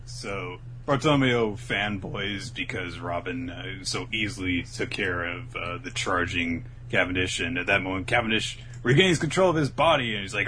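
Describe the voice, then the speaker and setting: A man's voice: low-pitched, moderate pace, a little hiss or hum. A man on a casual podcast, retelling anime episodes and acting out the characters' lines with lots of energy. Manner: animated storytelling, acts out the characters' lines in raised voices. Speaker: podcast co-host recapping an anime. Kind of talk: casual chat.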